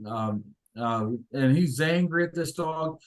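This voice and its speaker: A man leads an inspirational discussion and tells stories along the way. He speaks at a middle pitch and pauses often with fillers. His delivery is reflective and unhurried. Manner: hesitant, many fillers, reflective. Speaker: discussion leader. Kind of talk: inspirational talk with storytelling.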